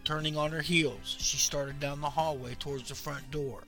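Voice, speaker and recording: A man's voice: fairly high pitch, steady tone, normal speed, faint music behind. A man reading a short horror story aloud with dramatic delivery. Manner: dramatic, loud bursts for the girl's lines. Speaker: story narrator.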